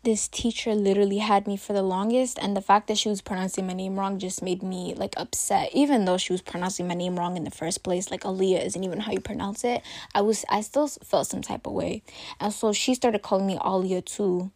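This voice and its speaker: With a mid-range, darkish voice that's fairly quick and fairly even, a teenage vlogger rambles on camera about a personal story, chatty and heavy on "like" and "literally." There's no room sound.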